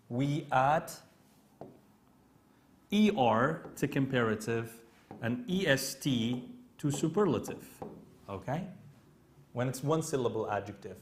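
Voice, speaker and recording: Speaking in a mid-range, slightly mellow voice, a native Kurdish speaker with a Kurdish accent explains English grammar one step at a time. He's slow and repetitive, regularly checking in with "okay?".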